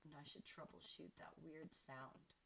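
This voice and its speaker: A woman's voice: sits low, fairly even intonation, normal speed, creaky, background noise. A woman hosting a live piano request stream, chatting playfully with her viewers from a room at home and laughing at herself. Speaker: livestream piano host. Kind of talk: casual chat with livestream viewers. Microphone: studio microphone at varying distance.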